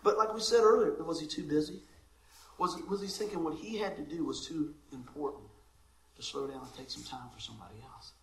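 Laughing pastor in an echoey room. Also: male voice, fairly high pitch, a little fast, gravelly, slight background noise. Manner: lively storyteller, laughs often, acts out the people in his story. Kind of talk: sermon opening with a comic personal story.

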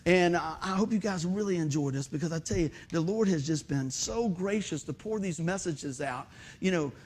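A man preaching as pastor, telling lively stories and bursting into shouts. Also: fairly high pitch, moderate pace. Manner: animated storytelling, loud shouted bursts. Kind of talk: sermon. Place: church sanctuary.

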